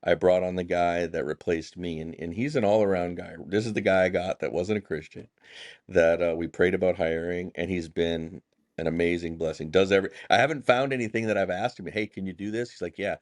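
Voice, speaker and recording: A man, a contractor and pastor, telling stories casually as a podcast guest, acting out the dialogue in animated bursts with folksy phrasing. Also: low voice, a little fast, dry recording, clean studio sound. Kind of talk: casual storytelling interview.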